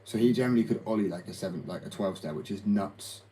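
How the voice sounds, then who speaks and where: A man's voice: low voice, fast talker, warm tone, poor audio. A young man chatting casually in an interview about skating and his tattoo art, rambling with lots of "like" fillers and blunt swearing. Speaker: skateboard company owner and hobby tattoo artist.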